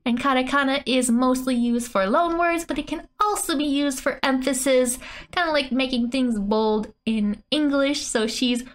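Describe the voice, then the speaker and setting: A woman's voice: high voice, moderate pace. A woman giving a casual language lesson through manga panels, chatty and playful, giggling often between explanations. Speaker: online Japanese tutor.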